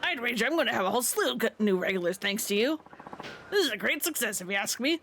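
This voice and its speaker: A woman's voice: a little high, expressive, fast talker, fairly bright tone, a little hiss or hum. A woman voicing a cheerful, grateful food stall owner in a hearty, chatty way, reading game dialogue aloud on a stream.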